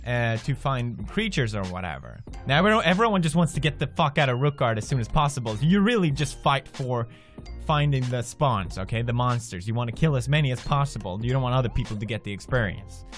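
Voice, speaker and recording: Swedish vlogger in his twenties, loud, swearing, jumps into acted voices; faint music bed. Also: mid-range voice. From Sweden. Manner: profane, animated, laughs often, acts out quoted reactions. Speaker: video blogger. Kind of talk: casual storytelling monologue.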